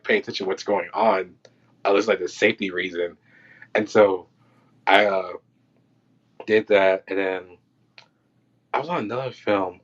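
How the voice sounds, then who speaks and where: Man, low voice, loose animated storyteller; muffled lo-fi recording. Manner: loose and animated, acting out quotes and reactions. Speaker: podcast guest, film crew electrician. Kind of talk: casual storytelling. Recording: dull lo-fi sound.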